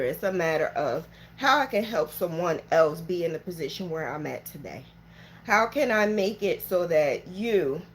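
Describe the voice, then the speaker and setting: A woman's voice: on the low side, slight background noise. A woman with children, talking earnestly and emotionally in a motivational vlog about running her small business. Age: adult with children. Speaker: small business owner giving mentoring talk. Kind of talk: heartfelt motivational vlog talk.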